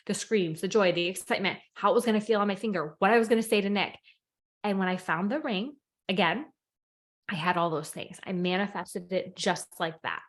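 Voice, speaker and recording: Woman, casual storytelling, animated, excitable, chatty filler words, mid-pitched voice, occasional whispers. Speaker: manifestation and meditation coach.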